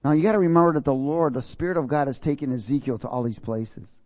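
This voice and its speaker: A man's voice: medium pitch, fast talker, few pauses, a little mellow. A man preaching a sermon in a folksy way, reading scripture and checking in with his congregation.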